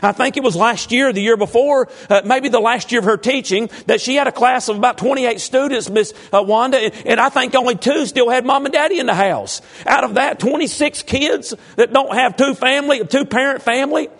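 Preacher man, high-pitched, folksy and teasing with the congregation. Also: a little fast, few pauses, fairly bright tone. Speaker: pastor. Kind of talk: informal sermon to a congregation.

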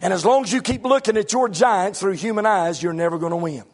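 A middle-aged male preacher giving a sermon in a folksy way, swinging between shouted lines and low, quiet asides. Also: a little fast.

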